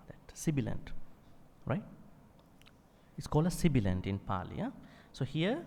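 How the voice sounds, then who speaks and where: Male monk, mid-pitched, patient classroom explainer, long hall reverb. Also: wildly swooping pitch, normal speed, long pauses, a little mellow. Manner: explains patiently, fillers, demonstrates chanting. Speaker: Buddhist monk teaching Pali. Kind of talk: classroom teaching.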